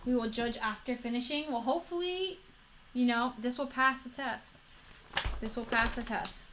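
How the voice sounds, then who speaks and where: A woman's voice: a little high, moderate pace, fairly bright tone, slight background noise. A young woman with a Florida accent, chatting casually on a livestream while building a model kit, rambling and correcting herself as she goes.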